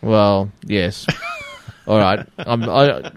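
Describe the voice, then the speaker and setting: A man's voice: lowish voice, extremely slow, clear, resonant tone. A man on a radio panel, wry and complaining, with hesitant restarts. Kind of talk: casual radio panel chat.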